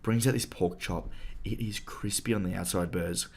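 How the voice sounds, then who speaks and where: Low voiced aussie guy bragging about a story, cheeky cohost. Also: steady tone, normal speed, creaky, husky. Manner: playful boastful storytelling. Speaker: podcast co-host. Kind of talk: casual chat.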